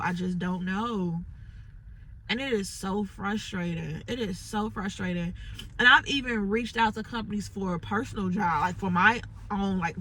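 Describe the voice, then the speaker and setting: A woman's voice: medium pitch, animated, moderate pace, pushed and bright, a little hiss or hum, low-quality recording. A woman from Chicago venting frustrated, rambling thoughts into her phone from inside a parked car, full of "like" fillers. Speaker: entrepreneur vlogger. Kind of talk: unscripted venting monologue.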